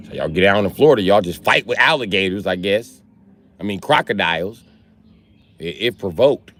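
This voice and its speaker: Animated profane man telling wild stories. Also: moderate pace. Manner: animated, profane, acts out voices, jumps high in pitch. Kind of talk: profane stand-up storytelling.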